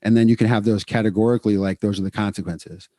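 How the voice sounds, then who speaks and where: A middle-aged man co-hosting a podcast in casual, energetic chat, repeating words for emphasis. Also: lowish voice, fast, a little hiss or hum. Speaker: podcast co-host, psychologist.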